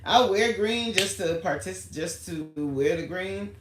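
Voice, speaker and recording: Speaking slowly in a fairly low voice, a woman runs a casual livestream. She chats, calls out live-chat viewers by name, and starts telling a story. There's a roomy echo with faint noise behind her.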